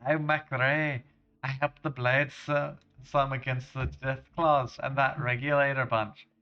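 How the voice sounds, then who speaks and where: A man voicing a tough male fist-fighting trainer in a put-on Scottish accent, with rough, clipped dialect. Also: medium pitch, flat delivery, measured pace, muffled recording, lightly acted. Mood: gruff.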